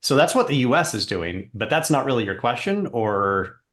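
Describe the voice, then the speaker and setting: A man hosting a casual podcast discussion, measured as he steers the conversation. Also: medium pitch, big pitch swings, fairly bright tone. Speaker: podcast host.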